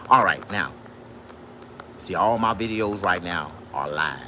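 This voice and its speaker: A man talking on a live stream from inside his own shop in a casual, boastful, profane, rambling way, jumping between loud bursts and low mutters. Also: lively intonation, unhurried, noisy background. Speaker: livestreamer and shop owner.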